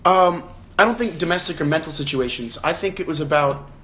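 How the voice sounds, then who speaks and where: A man's voice: fairly high pitch, brisk, a bit bright, slight background noise. Young man chatting on a livestream. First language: English. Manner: thinking aloud, frequent restarts and rhetorical questions. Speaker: livestream host leading a book discussion. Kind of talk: casual livestream chat.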